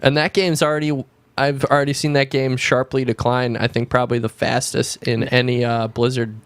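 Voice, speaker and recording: A man's voice: medium pitch, flat delivery, clean tone, dry recording. A man co-hosting a podcast in casual, joking chat. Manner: joking, quick asides, occasional mocking voices. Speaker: podcast co-host.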